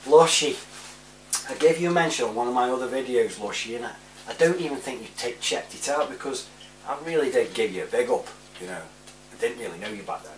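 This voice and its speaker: A man, rambling casually through shout-outs to friends, laughing often. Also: mid-range voice, distant mic. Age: 40s. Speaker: vlogger. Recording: roomy, off-mic, faint hum.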